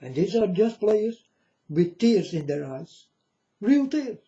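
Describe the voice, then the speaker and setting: High-voiced, scornful man ranting. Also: big pitch swings, slow, warm tone. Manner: blunt, scornful, preachy. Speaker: channel host. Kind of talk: ranting monologue. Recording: dull lo-fi recording.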